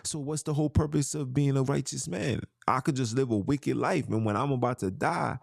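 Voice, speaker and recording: A man's voice: mid-range voice, fairly quick, gravelly, no room sound, studio quality. A man hosting a podcast, talking in a casual, emphatic monologue full of street slang and preachy asides. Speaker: podcast host.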